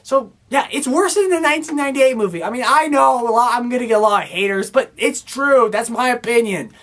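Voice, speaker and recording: A woman with a somewhat high voice rants through a casual movie review. She sounds exasperated and rambles, leaning on filler words as she picks the film apart. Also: brisk.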